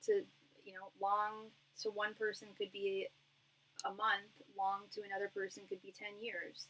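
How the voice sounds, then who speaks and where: A woman's voice: medium pitch, monotone, normal speed, bright, forceful tone, a little hiss or hum, rough recording. Chatty woman reading tarot live. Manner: chatty, reassuring, with many fillers and restarts. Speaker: tarot reader.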